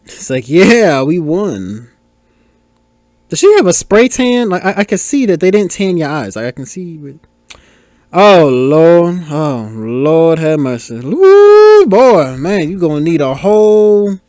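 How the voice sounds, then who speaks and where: A man's voice: fairly high pitch, sing-song, slow pace, a little mellow, dry recording, clean studio sound. A man hosting a podcast, talking casually over a film, exclaiming and joking at the characters as scenes play. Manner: exclaims and reacts aloud to scenes. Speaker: podcast host. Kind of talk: casual movie commentary.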